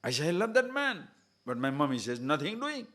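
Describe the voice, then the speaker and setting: A man's voice: fairly high pitch, sing-song, a little fast, a bit bright. A male spiritual teacher giving a lecture on scripture. He talks earnestly, builds points in lists and keeps telling listeners to listen carefully.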